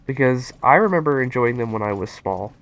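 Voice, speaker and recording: A young man chatting casually and excitedly with his viewers while playing a game on a live stream. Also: mid-range voice, brisk, soft background music. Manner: excitable, rambling, talks to chat.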